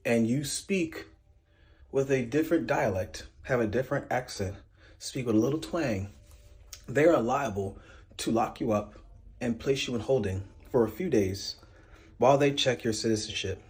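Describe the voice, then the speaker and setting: A man giving casual, blunt commentary in a conversational way with a few fillers. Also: medium pitch.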